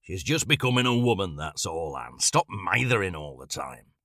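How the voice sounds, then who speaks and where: A gruff middle-aged English father who speaks bluntly in a low voice, as a man reads him out. The recording is dry and close, with no room sound. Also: big pitch swings, normal speed, fairly bright tone, dry recording, full character voice.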